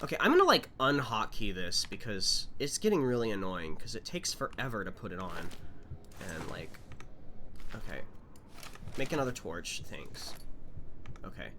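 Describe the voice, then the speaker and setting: A man's voice: fairly low pitch, very animated, normal speed, long pauses, sharp tone, slight background noise. A man streaming a horror game live, flustered and jumpy, out of breath and swearing when startled.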